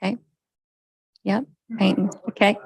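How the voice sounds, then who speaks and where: A woman facilitating a government budget meeting, brisk and encouraging, with frequent okays as she calls on each member. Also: mid-range voice, steady tone, gravelly, slightly rough, no echo, rough recording. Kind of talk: leading a group discussion.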